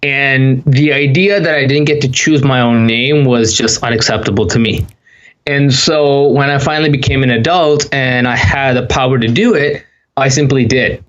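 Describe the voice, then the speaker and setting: Relaxed man on a slightly dull line. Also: mid-range voice, moderate pace. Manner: relaxed, anecdotal, conversational. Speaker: podcast guest. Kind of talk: casual interview answers.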